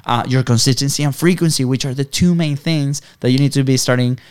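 A man's voice: mid-range voice, brisk, a little mellow, clear, resonant tone. A man co-hosting a casual business podcast, chatting freely and checking in with "right?" again and again. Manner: chatty, often adds "right?". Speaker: podcast co-host.

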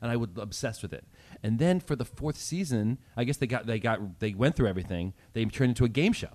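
A man who is a guest on a podcast, chatting casually and telling animated stories with lots of "like" and "um". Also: medium pitch, quick pace. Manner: animated storytelling with many fillers. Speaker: podcast guest and quiz contestant. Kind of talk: casual chat.

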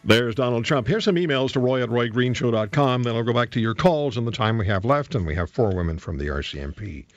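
A man hosting a call-in talk radio show, taking calls and reading listener emails aloud in a brisk, firm manner that pushes back on callers. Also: mid-range voice, lively intonation, dry recording. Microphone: studio microphone. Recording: dry, slightly dull studio sound.

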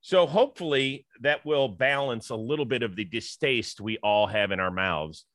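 A male sports talk host, chatty and emphatic, who jokes easily. His voice sits in a middle pitch, and the sound is close and dry with no room behind it. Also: fairly bright tone, dry recording. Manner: emphatic, chatty, quick to joke.

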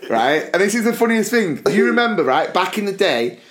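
A British man spins a long personal story on a casual podcast, laughing his way through it. His voice sits a little high for a man, and he acts out the other people in the tale. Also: fairly quick, slight background noise. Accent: British English. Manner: laughing, animated anecdote telling. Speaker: podcast co-host.

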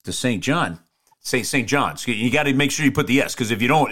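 A man co-hosting a hockey show, telling jokey stories in an animated way. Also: medium pitch, normal speed. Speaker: hockey play-by-play broadcaster and co-host. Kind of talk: casual sports chat.

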